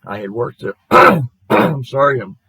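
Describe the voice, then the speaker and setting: A middle-aged man preaching as a pastor, hoarse and losing his voice, telling a folksy, earnest story in his sermon. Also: medium pitch, very animated, measured pace, very noisy.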